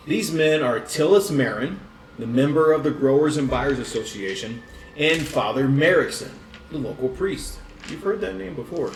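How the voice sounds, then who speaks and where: Game master: a man with a slightly high voice, narrating casually in an echoey room, mic at a distance. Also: a little hiss or hum. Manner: casual, coaching players. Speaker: dungeon master.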